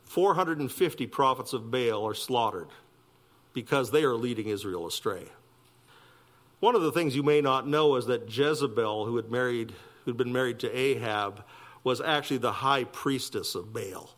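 A man, preaching a sermon with animated delivery that climbs loud and high for emphasis and drops to near whispers. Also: normal speed. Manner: animated preaching, rising loud and high for emphasis, dropping soft for quiet lines. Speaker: pastor.

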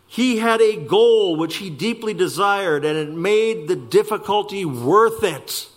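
A man preaching a sermon, slowing down to stress key words and speeding through asides. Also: high-pitched. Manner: animated preaching, slowing for emphasis and rushing asides. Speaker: pastor.

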